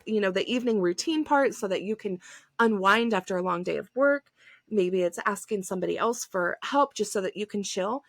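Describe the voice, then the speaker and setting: A woman in her thirties talks through a solo podcast episode in a casual, effusive way, full of fillers and sudden emphatic bursts. Her voice sits at a medium pitch and is recorded close and dry, with no room sound. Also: moderate pace, creaky, fairly bright tone, no room sound. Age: 30s. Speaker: podcast host.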